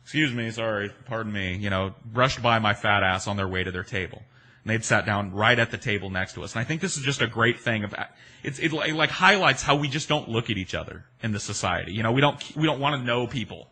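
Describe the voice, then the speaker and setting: Dude rambling thru a story, swears a lot, pokes fun at himself, bright voice. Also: male voice, fairly low pitch, animated, fairly quick, slightly rough. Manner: rambling, profane, self-mocking. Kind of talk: casual personal storytelling.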